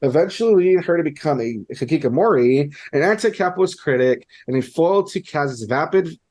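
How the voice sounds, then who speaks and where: A man's voice: a little high, expressive, fairly quick, a little mellow. A young man co-hosting a podcast in casual chat, rambling, amused and full of "like". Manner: rambling, heavy use of "like", amused. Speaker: podcast co-host.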